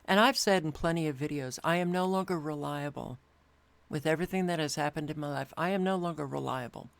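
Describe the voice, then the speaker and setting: A weary woman host talking alone to camera at her home computer, sighing often and speaking with deliberate care. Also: deep voice, vocal fry, no echo. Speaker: channel host. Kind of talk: casual monologue to camera.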